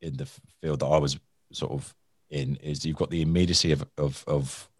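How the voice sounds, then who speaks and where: A man's voice: rumbling low, normal speed, dry recording, studio quality. A man talking about negotiation in a conversational interview, often acting out angry people and restarting his words. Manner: animated storytelling, acts out angry people. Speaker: guest, former hostage negotiator.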